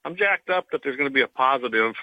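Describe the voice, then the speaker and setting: A man's voice: medium pitch, expressive, quick pace, dry recording, phone-quality sound. A man co-hosting a gun talk radio segment, explaining court news with small hesitations.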